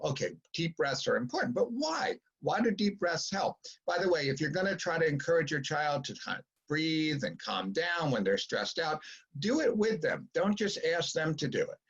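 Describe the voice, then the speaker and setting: A middle-aged man giving an informal lecture to parents, animated and coaching, acting out what parents and children say. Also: fairly high pitch, husky. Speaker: psychologist giving a parent talk. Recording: dull lo-fi sound.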